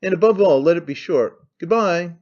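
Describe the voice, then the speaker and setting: A man's voice: sits high, expressive, normal speed, a little mellow, highs cut off, pitched above the performer's own voice. A man voicing a brash young man who mocks his father in an offhand, needling way. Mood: scornful. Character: young man, mocking, cynical, brash son.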